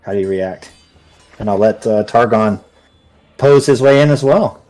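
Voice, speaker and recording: A man narrating a tabletop game as game master, in a relaxed, hesitant way. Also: fairly low pitch, normal speed, faint music behind.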